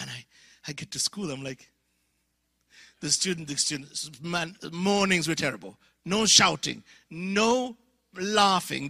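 In a gravelly voice, a middle-aged man shares his testimony as a guest preacher, bringing the story alive with acted dialogue and a high pitch for other characters. It's a dry, studio-quality recording.

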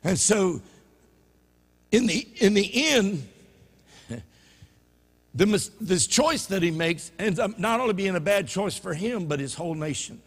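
Animated preaching man in reverberant church. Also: unhurried, pauses often, slightly rough. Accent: Louisiana Southern American. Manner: animated preaching, swinging from low murmurs to loud emphatic peaks. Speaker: pastor. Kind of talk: sermon. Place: church sanctuary.

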